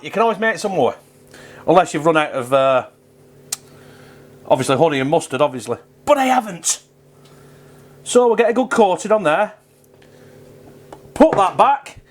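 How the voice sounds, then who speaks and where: A home cook talking through his recipe in a loose, rambling way, with plenty of swearing. His voice sits a touch high for a man and swings up and down a lot. He sounds relaxed and unscripted. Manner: chatty, rambling, swears freely. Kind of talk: casual cooking vlog.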